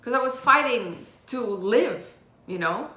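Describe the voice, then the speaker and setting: A woman's voice: fairly high pitch, expressive, slow, sharp tone. A woman telling her own hard life story in a candid, raw way, with blunt swearing, as a confessional vlog. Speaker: vlogger. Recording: roomy echo.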